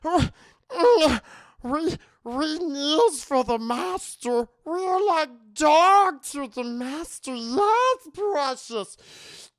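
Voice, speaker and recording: A man's voice: very high-pitched, animated, a bit bright, no echo, studio quality, pitched above the performer's own voice, exaggerated voice. A man voicing a creepy, groveling woman who talks like Gollum, drawn out and hissing. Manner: hissing, groveling, slow drawn-out lisping speech.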